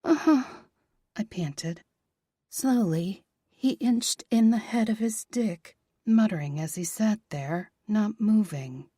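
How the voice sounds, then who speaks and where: Breathy woman reading a romance audiobook, soft half-whisper, mellow tone, dry close mic. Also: medium pitch, takes it slowly, no room sound. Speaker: audiobook narrator. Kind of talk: scripted narration of a romance audiobook.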